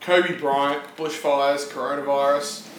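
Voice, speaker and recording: A man's voice: a little high, steady tone, a little slow, reverberant, heavy background noise. A man co-hosting a podcast, teasing his friend in a dry way and laughing often. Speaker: podcast co-host. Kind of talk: casual chat.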